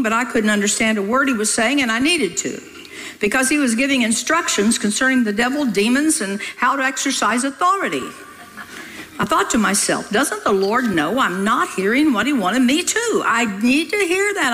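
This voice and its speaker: A woman preacher telling a story from the pulpit, lively and teasing, scolding with laughter. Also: sits high, poor audio. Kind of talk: sermon storytelling.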